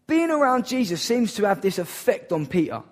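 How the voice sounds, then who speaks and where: A man's voice: high-pitched, big pitch swings, moderate pace. A man preaching a sermon in an earnest, emphatic way, repeating key phrases for weight.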